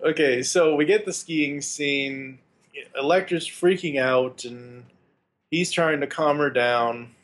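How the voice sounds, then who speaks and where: A man's voice: on the high side, takes it slowly. A man co-hosting a podcast, chatting easily about a movie and teasing his friend. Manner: easygoing, teasing, laughs often. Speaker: podcast co-host. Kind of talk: casual movie-review chat.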